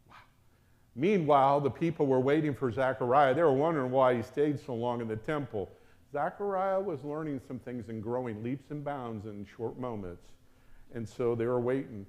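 A male preacher reading and retelling scripture in an animated sermon, with casual slang asides. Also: mid-range voice, normal speed.

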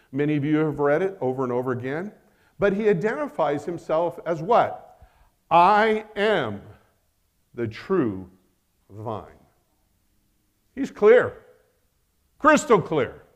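A man with a high, light voice delivers a sermon. He swings between loud emphatic bursts and quieter asides, tossing out rhetorical questions and slowing right down on the phrases he wants to land. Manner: emphatic, rising and falling dynamically with rhetorical questions; slows down to stress key phrases. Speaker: preacher.

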